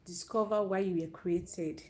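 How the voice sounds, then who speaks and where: A woman's voice: fairly low pitch, fairly even intonation, a little slow, darkish tone, slight background noise. A woman giving an earnest, motivational faith talk to young people on a live stream, often restarting her phrases as she goes. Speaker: youth speaker. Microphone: live stream, own network.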